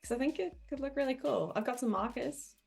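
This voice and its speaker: Shy, high-voiced woman player. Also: brisk, vocal fry, darkish tone, slightly rough, faint music behind. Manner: shy, hesitant, stammering. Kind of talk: in-character role-play.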